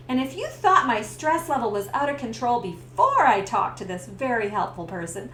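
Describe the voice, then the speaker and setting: Animated middle-aged woman coach from canada telling her story, voice swoops a lot, roomy echoey room, faint hiss. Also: on the high side, a little fast, hardly any pauses. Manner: lively storyteller who acts out the scenes. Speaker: stress coach and business owner. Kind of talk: personal story and pitch to camera.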